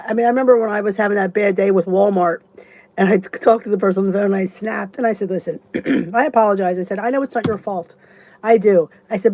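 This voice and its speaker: A woman's voice: medium pitch, darkish tone. A woman in her fifties hosting a casual live chat, answering viewers by name and rambling in a chatty way with many restarts. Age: 50s. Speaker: YouTube channel host.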